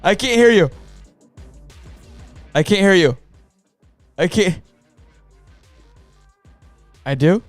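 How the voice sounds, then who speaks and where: A man hosting a sports live stream, hoarse after losing his voice, talking in a hyped, rambling way and calling out to "boys and girls.". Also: high voice, expressive, slow, long pauses, dry recording, faint music behind. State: hoarse, voice partly gone. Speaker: sports show host. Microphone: studio mic on a stream.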